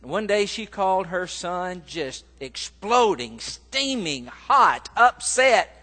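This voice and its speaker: A man's voice: high-pitched, big pitch swings, slow pace, pushed and bright, big-room sound. A man preaching a sermon as pastor, telling a folksy story with lots of fillers, then reading scripture.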